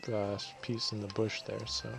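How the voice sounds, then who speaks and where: Over background music, a man with a lowish, creaky voice speaks at a moderate pace as he hosts a let's play. His commentary on the video game is casual and meandering, and he keeps correcting himself in a relaxed way.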